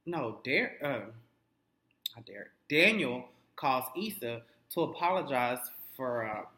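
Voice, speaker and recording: Profane, animated TV recap vlogger in an echoey room. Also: male voice, mid-range voice, slow pace. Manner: animated, swears constantly, acts out characters' lines.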